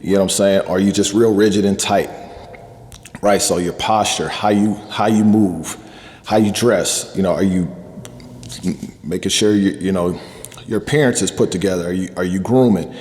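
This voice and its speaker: A man's voice: low-pitched, normal speed, darkish tone, long reverb tail. A man giving a motivational self-improvement talk in an earnest coaching manner, with many fillers and repeated points.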